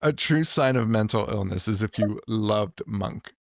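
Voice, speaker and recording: A man's voice: on the low side, lively intonation, dry recording, clean studio sound. Joking, swearing podcast host man. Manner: swearing, laughing, quick joking asides. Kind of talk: casual chat.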